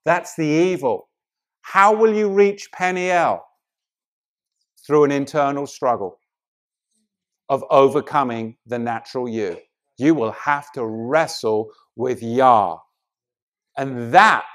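A middle-aged man delivering a sermon, swinging between loud emphatic preaching and hushed, intimate passages. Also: on the high side.

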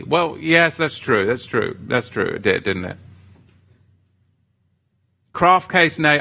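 A man's voice: mid-range voice, big pitch swings, slow pace, creaky, long pauses, pushed and bright. A man hosting a faith-themed livestream, chatting casually and reading out viewer comments in a loose, self-deprecating way, often trailing off mid-sentence. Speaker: livestream host of a faith show.

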